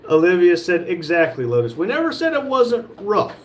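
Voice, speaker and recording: A man with a somewhat high voice hosts a casual livestream. He reads viewer comments aloud and tosses off joking replies. Faint noise hums behind him. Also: wildly swooping pitch, normal speed. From North Carolina, USA. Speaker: livestream host reading chat. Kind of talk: casual live chat.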